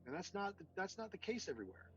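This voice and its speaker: Earnest halting veteran man. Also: sits high, very animated, highs cut off. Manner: earnest, halting with many fillers. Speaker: veteran guest. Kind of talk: casual interview talk.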